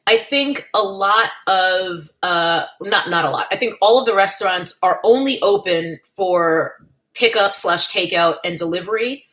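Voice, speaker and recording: Young adult woman, livestream host, casual and wry, mid-pitched, laughs easily. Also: unhurried, a bit bright. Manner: chatty and wry, laughs often, greets chat by name. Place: at home in California.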